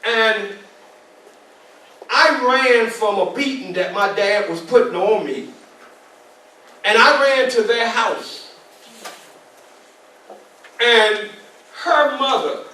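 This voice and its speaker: A man in his sixties from New York delivers a preacher-like, repetitive motivational speech straight to his audience, his voice very high and sharp. He's recorded from a distance in an echoey club meeting hall, with a slight hiss or hum in the background.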